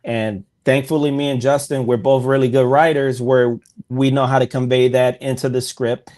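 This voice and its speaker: A man as a podcast guest in a casual interview, a relaxed storyteller who speaks bluntly and laughs at himself. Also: mid-range voice, normal speed. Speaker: podcast guest, filmmaker and veteran.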